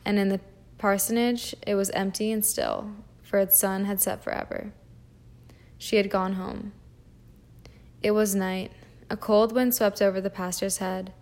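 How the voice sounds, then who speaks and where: A woman reading a fairy tale aloud at a measured pace, with small slips and restarts. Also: medium pitch, gravelly, darkish tone. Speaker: audiobook reader. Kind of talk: storybook reading.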